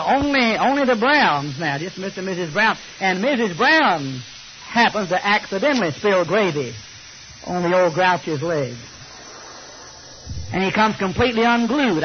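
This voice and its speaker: Brief: older man preaching, joking storyteller, higher voice, muffled lo-fi recording. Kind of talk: sermon. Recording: slightly muffled recording with faint hiss.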